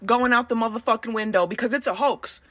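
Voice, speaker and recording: A woman vents furiously to camera, swearing in nearly every sentence. Her voice sits a touch high. The recording is dry and close, with no room sound. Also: fast talker, a bit bright, no echo. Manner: profane, emphatic. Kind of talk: angry vlog rant.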